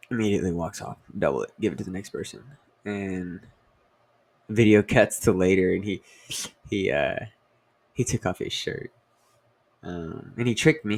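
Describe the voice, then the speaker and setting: A man's voice: deep voice, fairly even intonation, moderate pace, vocal fry, darkish tone. A young man as host, talking in a meandering casual monologue full of fillers and self-corrections. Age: young adult. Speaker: comedian host.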